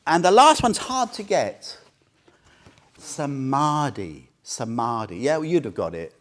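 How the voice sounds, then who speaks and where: Speaking at a moderate pace, this man has a slightly high voice whose pitch swings hugely. He's a Buddhist teacher in a meditation centre room, giving a chatty, jokey informal talk to a small group and frequently asking them questions.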